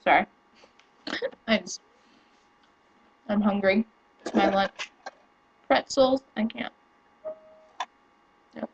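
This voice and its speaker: A young woman chatting casually to camera at home, rambling and excitable, with lots of fillers and restarts. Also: medium pitch, slow, long pauses, lo-fi sound, slight background noise. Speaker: vlogger. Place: home room.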